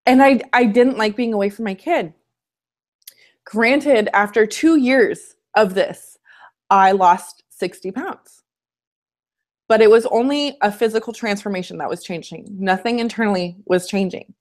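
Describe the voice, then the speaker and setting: A woman's voice: medium pitch, a little slow. Woman fitness coach, casual live-stream host at home; chatty, candid, personal delivery.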